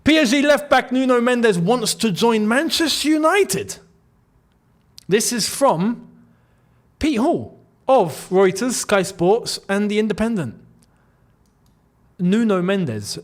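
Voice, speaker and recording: A man hosting his own football channel, talking straight to his viewers in a jokey, animated way. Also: high voice, slow, pauses often. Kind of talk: casual football commentary vlog.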